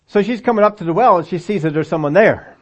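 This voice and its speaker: Speaking quickly in a high-pitched voice, a pastor gives a conversational sermon in a church sanctuary where children are present, performing the voices of the story's people. The audio is dull.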